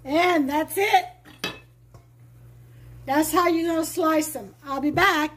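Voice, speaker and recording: A woman with a Brooklyn accent hosting a home cooking show, chatting warmly to viewers as she demonstrates a recipe. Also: sits high, slow pace, slight background noise. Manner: chatty, enthusiastic, talks to viewers. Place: home kitchen.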